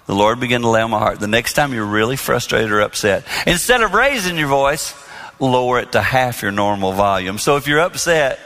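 A man giving an earnest, animated sermon-style talk about marriage to an audience. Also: on the low side. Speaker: marriage speaker.

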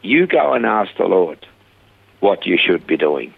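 A man guest telling lively stories about his ministry, acting out the people he quotes, heard over a phone line. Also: low voice, unhurried, creaky, breathy edge, no echo. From Australia. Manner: animated storyteller, acts out quoted voices. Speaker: guest, rehab ministry founder. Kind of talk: conversational storytelling interview. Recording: dry phone-line sound.

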